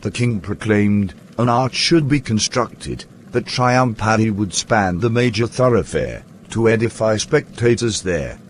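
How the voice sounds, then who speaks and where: A man narrates a rhyming tale in a measured, storytelling manner. He keeps a slow pace and a fairly low voice. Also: lively intonation, slight background noise.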